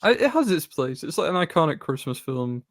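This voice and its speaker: Male podcast co-host, tentative guesser, relaxed chat, dry close-miked sound. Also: a little high, brisk, dry recording. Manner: hesitant guesser, thinks aloud with ums and short replies. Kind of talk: casual chat.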